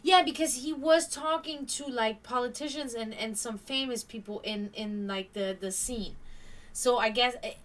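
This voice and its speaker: A woman's voice: fairly high pitch, normal speed. Giggly, tired woman streamer. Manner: giggly, chatty, swears freely. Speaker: live streamer reading chat. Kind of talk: casual live-stream chat. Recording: distant mic with faint background noise.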